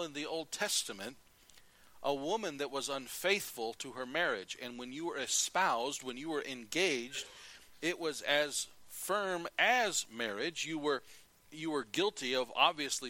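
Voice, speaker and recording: Bright-voiced man preaching a sermon. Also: a little high, dry recording, poor audio. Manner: storytelling, reads scripture aloud, rhetorical questions. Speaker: pastor.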